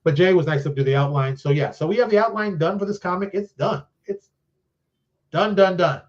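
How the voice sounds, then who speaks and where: A man's voice: sits high, fairly quick, lo-fi sound. A man chatting as a guest on a live-streamed interview, telling stories in a loose, self-deprecating way and acting out the conversations he recounts. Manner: animated storyteller who acts out quoted conversations. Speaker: game designer and publisher guest.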